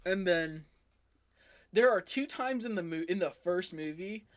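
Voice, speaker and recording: A woman's voice: on the low side, animated, unhurried. A woman co-hosting a podcast, chatting animatedly about horror films and laughing often. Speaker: podcast co-host. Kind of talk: casual film discussion.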